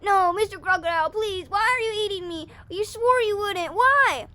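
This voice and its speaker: A woman's voice: sits high, lively intonation, moderate pace, a bit bright, pitched above the performer's own voice. A woman voicing a desperate male bunny, a husband and father, pleading and begging in a spoken story. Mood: panicked.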